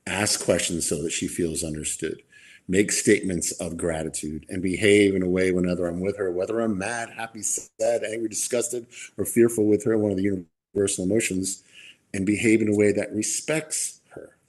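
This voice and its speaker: A man's voice: low-pitched, steady tone, normal speed, a little mellow, slightly rough. A middle-aged man, a leadership expert guest on a podcast, chatting casually and acting out quoted dialogue as he tells stories. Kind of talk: casual storytelling conversation.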